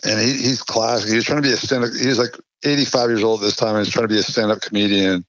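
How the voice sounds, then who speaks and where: A man's voice: fairly low pitch, fairly even intonation, fast talker, fairly bright tone, no room sound. A man from California, a podcast guest, telling a long anecdote in a rambling, filler-heavy way. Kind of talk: casual storytelling chat. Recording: dull lo-fi dry podcast audio.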